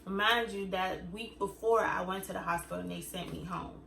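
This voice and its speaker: A woman's voice: lowish voice, steady tone, moderate pace, vocal fry, bright, forceful tone, distant mic. A young woman vlogger in casual storytime chat, chatty and acting out quotes in other voices. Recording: echoey room, faint noise.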